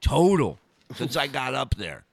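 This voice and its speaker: A man's voice: medium pitch, unhurried, dry recording. A male comedian telling a story on a podcast, swearing and acting out scenes. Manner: animated, swearing, acts out scenes. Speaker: comedian guest.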